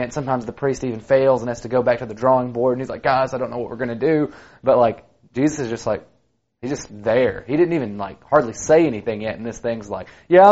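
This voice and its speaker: A man's voice: mid-range voice, darkish tone, lo-fi sound. A man co-hosting a casual Bible study talk, speaking in a chatty, conversational way. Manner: conversational, chatty, frequent "you know". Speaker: podcast co-host, preacher.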